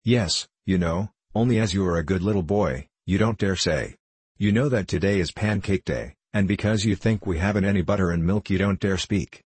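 Storybook role: man doing a tender, patient peasant mother; low, husky, dry sound. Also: moderate pace, darkish tone, no room sound. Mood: tender coaxing. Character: kindly peasant foster mother, gentle, warm. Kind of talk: audiobook character reading.

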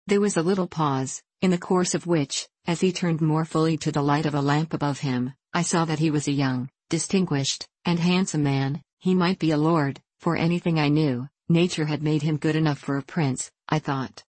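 A woman narrating a classic novel in the first person, with a measured, deliberate reading. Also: deep voice, darkish tone, no room sound, low-quality recording. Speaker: audiobook narrator.

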